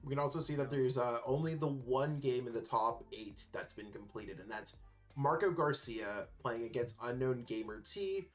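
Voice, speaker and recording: A man's voice: medium pitch, moderate pace, faint music behind. Sleepy, chatty male co-caster. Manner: relaxed, sleepy, chatty with hesitations. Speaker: esports co-caster. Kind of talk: casual game commentary.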